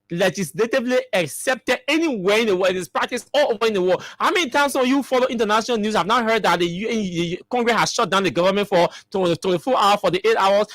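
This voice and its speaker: A man's voice: high voice, fairly bright tone, dry recording, clean studio sound. Emphatic Liberian commentator, man. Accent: Liberian English. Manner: emphatic, fires repeated rhetorical questions. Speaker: talk show host. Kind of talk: political commentary.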